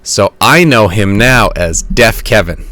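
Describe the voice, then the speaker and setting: A man's voice: on the low side, expressive, measured pace, bright, forceful tone, no echo. A man in his thirties telling a rambling story to friends, laughing as he goes. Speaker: player in a tabletop game podcast. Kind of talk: casual storytelling among friends.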